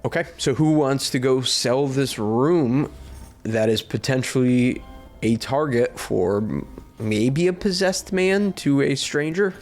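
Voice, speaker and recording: A man acts as game master for a streamed tabletop game, his voice at an ordinary middle pitch. He narrates scenes and jokes with his players in a loose, easygoing way. Soft music plays quietly underneath. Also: slow. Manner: relaxed, joking, talks over the table.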